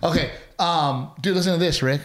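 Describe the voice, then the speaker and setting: Guy in his 30s ranting to friends, kinda high voice, says dude and bro constantly. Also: normal speed. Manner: animated storyteller, mocking impressions, says dude and bro. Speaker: podcast co-host. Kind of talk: casual chat.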